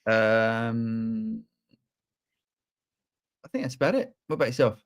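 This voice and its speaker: A man's voice: fairly low pitch, expressive, slow, smooth. A man co-hosting a live show, talking in a rambling way with many restarts. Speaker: co-host. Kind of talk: casual live show chat.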